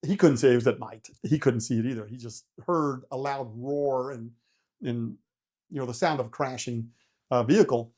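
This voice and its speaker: A man's voice: medium pitch, moderate pace, darkish tone. A middle-aged man, a retired helicopter pilot, telling a story in a casual interview and acting out his own panicked reactions, swearing freely.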